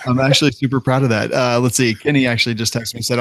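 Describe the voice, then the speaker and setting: A man's voice: medium pitch, little pitch movement, fast talker, hardly any pauses, fairly bright tone, dry recording, clean studio sound. A man hosting a podcast in casual chat, often laughing and reading sponsor ads. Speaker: podcast host.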